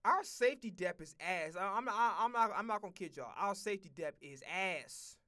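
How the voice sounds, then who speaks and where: A man's voice: high-pitched, lively intonation, normal speed, bright, forceful tone. A man streaming a casual football rant, blunt and profane, full of slang and repeated phrases. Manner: profane, blunt, heated ranting.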